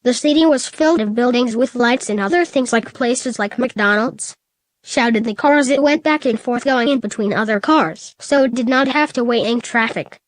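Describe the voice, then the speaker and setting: A woman reading a fan story aloud in a flat, matter-of-fact way. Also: on the high side, normal speed, no room sound. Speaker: narrator.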